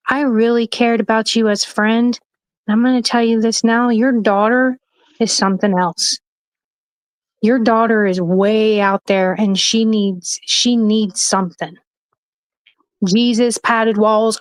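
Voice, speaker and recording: A woman with a fairly high voice speaks as a guest in a heated livestream chat. She talks emphatically in long, rambling runs, swearing freely. The sound is dry and close, with no room echo.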